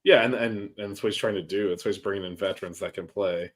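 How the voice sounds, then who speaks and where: A man's voice: lowish voice, steady tone, fast talker. A man hosting a casual sports chat, rambling with many fillers and restarts. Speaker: sports podcast host.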